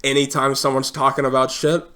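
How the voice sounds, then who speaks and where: A man's voice: mid-range voice, little pitch movement, fairly quick, bright, forceful tone. A man co-hosting a podcast, joking, swearing and chiming in with laughs. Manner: joking, profane, chimes in and laughs. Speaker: podcast co-host. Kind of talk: casual chat.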